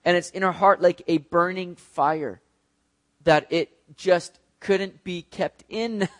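A man's voice: high-pitched, fairly even intonation, slow pace. A man preaching a sermon in a casual, conversational way, with frequent fillers and restarts, speaking directly to the congregation.

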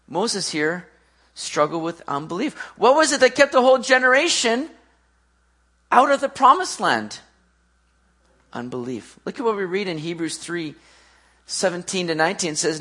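A preacher giving an animated sermon, who rises for emphasis and then drops to a quiet, low close. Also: unhurried, pauses often, breathy edge.

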